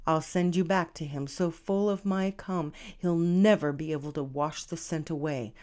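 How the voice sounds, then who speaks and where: A woman voicing a domineering male alpha pirate in a romance audiobook reading, delivering his lines low and threatening, sometimes half-whispered. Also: fairly even intonation, moderate pace, a little mellow, lightly acted. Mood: menacing.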